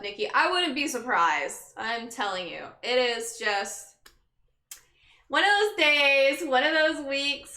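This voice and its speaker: Her voice high-pitched, pushed and bright, a young Texas streamer greets chat members by name in a laid-back, exhausted way. She's broadcasting from her bedroom, an echoey space with music playing behind her.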